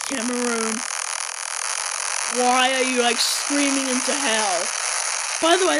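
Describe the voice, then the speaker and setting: A young woman reacting to videos with excited commentary that breaks into shouts and shrieks. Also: high-pitched. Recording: loud background noise.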